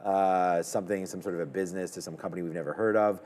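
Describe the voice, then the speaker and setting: Deep-voiced man calling live trades. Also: fairly even intonation, quick pace, darkish tone, long reverb tail. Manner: chatty, upbeat, thinking aloud while trading. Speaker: stock trading livestream host. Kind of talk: live market commentary.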